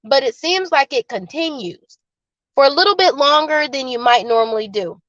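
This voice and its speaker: A woman guest on an interview, explaining birth and postpartum support earnestly and calmly with examples, over dull video call audio. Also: high voice, normal speed, dry recording.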